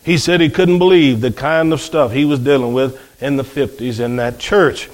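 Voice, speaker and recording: A man's voice: medium pitch, normal speed, darkish tone. A man preaching a sermon, telling a revival story with dramatic quoted voices.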